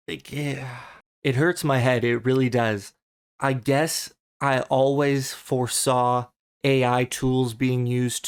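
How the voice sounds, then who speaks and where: A man's voice: mid-range voice, smooth. A young man hosting a podcast, giving casual solo commentary in a thoughtful, musing way and often questioning himself. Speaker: podcast host.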